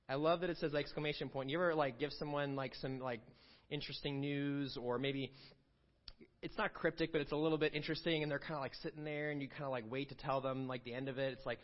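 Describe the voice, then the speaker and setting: A man's voice: on the high side, fairly even intonation, quick pace. A man preaching a sermon in a conversational way, with fillers and asides to the congregation. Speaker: pastor. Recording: dull lo-fi sound.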